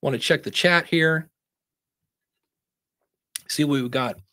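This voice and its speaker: Guy giving a podcasting webinar, kinda high voice, dry close mic, chatty, does little voices for quotes. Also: slow, bright, forceful tone, no room sound. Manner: conversational, acts out quotes in a higher voice. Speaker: podcast educator presenting a webinar. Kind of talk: casual webinar talk.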